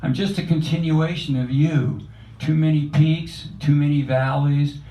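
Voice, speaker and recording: A man reading his own poetry aloud in a measured, reflective recitation at a cafe open mic. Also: a little high, fairly even intonation, mellow. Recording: echoey cafe room.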